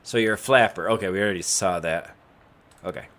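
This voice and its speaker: A man's voice: sits low, a little fast, fairly bright tone. A man casually commenting as he plays a video game, chatty and reading text aloud. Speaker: let's play gamer.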